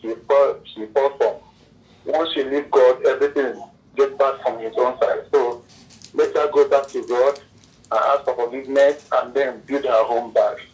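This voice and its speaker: A man calling a radio show, calmly giving measured advice. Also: medium pitch, distant mic, poor audio. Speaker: caller. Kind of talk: radio phone-in call.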